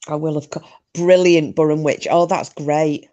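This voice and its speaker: A woman's voice: low voice, steady tone, moderate pace, warm tone. A woman hosting a live stream, chatting casually and rambling, with frequent restarts. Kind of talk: casual chat.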